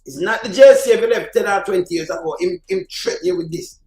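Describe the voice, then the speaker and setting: A man with a Jamaican accent giving heated political commentary on a live stream, often raising his voice to a shout and mixing patois with English. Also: high voice, animated, fast talker, roomy sound, soft background music, low-quality recording. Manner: fired-up, sometimes shouting, mixes patois and English.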